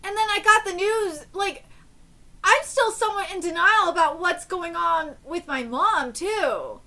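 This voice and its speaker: A woman's voice: very high-pitched, measured pace, pushed and bright. A woman in her thirties streaming a live manga reaction. She talks candidly and tearfully, swearing freely.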